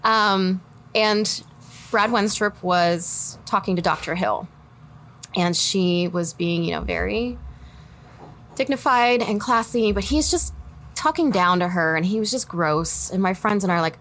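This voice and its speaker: Lively woman telling a story, laughing often. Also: fairly low pitch, unhurried. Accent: American Midwest. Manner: animated, laughs often, acts out quoted friends. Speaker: political candidate guest. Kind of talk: casual storytelling interview.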